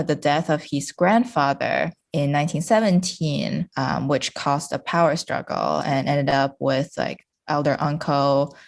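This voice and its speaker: A woman from China with a notably low voice, chatting on a podcast as a guest. Her talk is loose and casual, full of fillers, and she laughs often. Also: gravelly.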